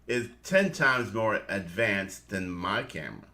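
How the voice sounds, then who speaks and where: A man co-hosting a casual morning chat, his voice bright and sharp. His pitch rises and falls in lively swings. He laughs often and speaks to his listeners as family. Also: unhurried. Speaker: co-host.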